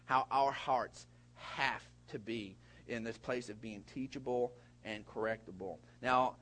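A middle-aged man preaching a sermon in a folksy way, with big swings in pitch and loudness and many repeated words. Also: unhurried. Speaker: pastor.

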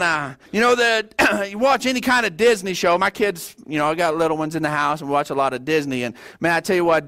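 A middle-aged pastor with a drawl preaches a sermon, telling stories in a folksy, animated style. He frequently stumbles and restarts his sentences, and his voice sits noticeably high for a man.

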